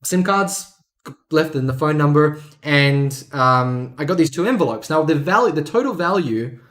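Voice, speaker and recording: A man's voice: a little high, expressive, normal speed, fairly bright tone. A man with an Australian accent, hosting a casual tech chat and telling rambling anecdotes. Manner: rambling anecdotal storyteller, acts out quoted voices. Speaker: podcast host.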